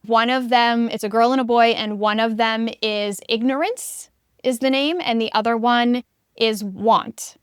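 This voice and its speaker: A woman co-hosting a casual book podcast, talking things through in a chatty, reflective way. Her voice is smooth and clear and sits a little high. The sound is dry and close, with no room around it. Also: steady tone, unhurried, no room sound. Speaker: podcast co-host.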